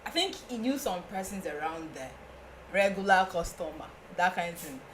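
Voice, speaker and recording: A young woman with a Nigerian accent, a podcast guest telling a story in casual chat, animated and often laughing. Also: moderate pace, a little hiss or hum. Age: young adult. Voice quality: laughing, animated, breaks into high squeals.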